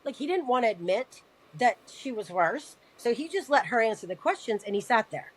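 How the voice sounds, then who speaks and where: A woman's voice: a little high, animated, brisk, husky, poor audio. A woman speaking as a podcast guest, sharing a personal story in an earnest, emotional way. She often stumbles over her words and restarts sentences as she tries to find them.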